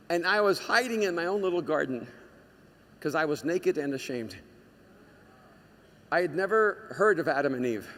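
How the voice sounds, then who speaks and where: A man preaching a sermon to a congregation, telling a personal story in an animated way and shouting out the lines he quotes. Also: high voice, big-room sound. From United States. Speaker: pastor.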